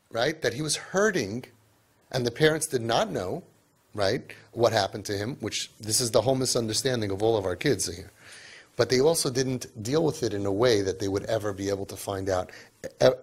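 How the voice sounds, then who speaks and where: Husky man giving an emphatic parenting talk. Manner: emphatic, with many asides of "right?" and "okay?"; pitch and loudness swing widely for emphasis. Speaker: parenting speaker. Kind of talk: lecture to parents.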